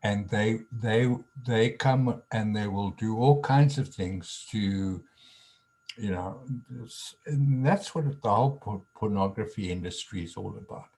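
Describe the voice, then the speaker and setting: A man's voice: on the low side, a little slow, a little mellow, rough recording. A man speaking as a guest teacher in a casual spiritual conversation over a video call, earnest and repeating his words.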